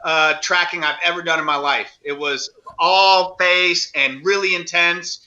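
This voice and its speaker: A middle-aged man talks in a casual podcast chat. His voice is very bright, and his storytelling is animated, full of acted-out voices. The audio is slightly lo-fi. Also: high voice, unhurried. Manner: animated storyteller, acts out voices, laughs often. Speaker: guest actor and comedian.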